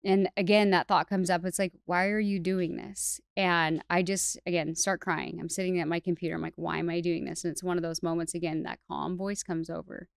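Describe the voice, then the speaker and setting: This woman talks briskly with few pauses, her voice on the low side, level, creaky, and smooth. The clean studio sound has no room sound. She's a hairstylist educator guesting on a podcast, recounting her own story candidly and chattily, with lots of "like" fillers and restarts.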